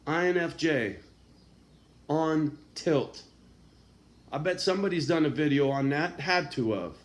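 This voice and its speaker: A fairly high-voiced man venting straight to camera in a confessional monologue. He swears constantly and sounds raw and emotional. He drops low and quiet, then flares up loud and angry. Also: expressive, measured pace. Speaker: vlogger.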